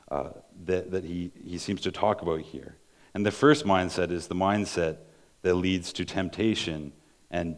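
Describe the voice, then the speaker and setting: A man preaching a sermon, earnestly explaining scripture, reading verses aloud and often restarting his words. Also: low-pitched.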